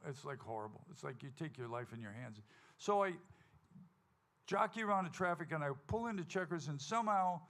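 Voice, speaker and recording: Gravelly folksy man telling a story. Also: fairly high pitch. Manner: folksy, animated storyteller who acts out quotes. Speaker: stage host and singer at a country music show. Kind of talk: storytelling to a live audience. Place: live music venue stage.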